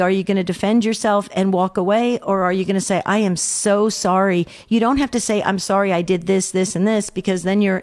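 A middle-aged woman gives earnest advice on a call-in radio program. She speaks gently at a middle pitch and doubles back on words as she reasons. Her tone stays patient and steady. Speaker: radio show co-host and counselor.

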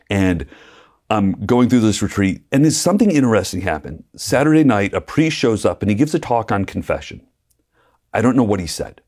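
A man, a preacher and guest, telling his faith story in a lively way, acting out quotes and laughing often. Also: on the low side. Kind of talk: personal testimony in conversation.

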